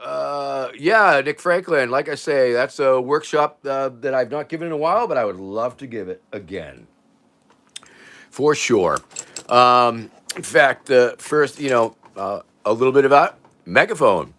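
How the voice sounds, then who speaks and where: An older man hosting a casual livestream, rambling and chuckling as he reads out viewer comments, his voice drifting from loud to quiet. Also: mid-range voice, expressive, normal speed. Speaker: livestream host.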